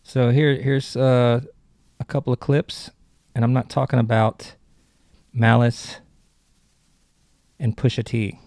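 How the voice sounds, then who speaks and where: Male podcast host, casual rambling delivery, gravelly, dry. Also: medium pitch, steady tone, slow pace, pauses often, darkish tone, dry recording. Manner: rambling, self-correcting. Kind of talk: casual solo chat.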